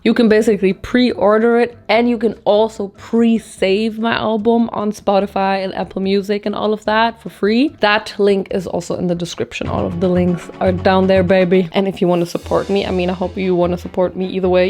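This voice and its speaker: A young German woman talks to her camera in an easy, rambling way, peppering her chatter with swears and laughs. Her voice sits at an ordinary middle pitch for a woman, and her German accent colours her English. Soft music plays faintly underneath. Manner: chatty, swearing, laughing a lot, jumping between loud and whispered asides. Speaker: vlogger and singer. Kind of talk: casual chat to camera.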